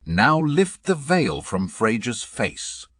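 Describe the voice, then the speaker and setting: A huge, jeering frost giant king, played by a male reader, growling and bellowing his demands. The voice is husky and deep with a slow, heavy delivery. A dry, close storybook audiobook. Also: very animated, no echo, full character voice. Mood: demanding.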